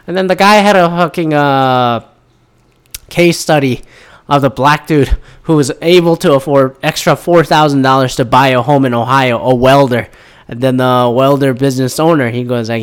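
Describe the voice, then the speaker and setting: A man with a mid-pitched voice rants loosely to camera, swearing often and piling on sarcasm. He starts and restarts sentences as he goes, and he sounds a little tired as the caffeine wears off. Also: a little fast, clear, resonant tone. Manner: profane, rambling and sarcastic. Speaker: vlogger. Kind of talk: casual ranting monologue.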